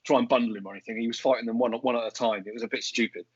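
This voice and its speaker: A man's voice: medium pitch, steady tone, racing, slight background noise. An English man co-hosting a podcast, chatting casually in an agreeable, laid-back way. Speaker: podcast co-host. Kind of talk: casual chat. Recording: dull lo-fi podcast audio.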